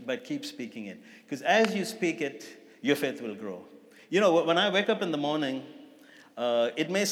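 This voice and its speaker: A man giving a sermon as guest preacher, talking casually with asides and self-corrections. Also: medium pitch. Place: church hall. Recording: long reverb of a church hall.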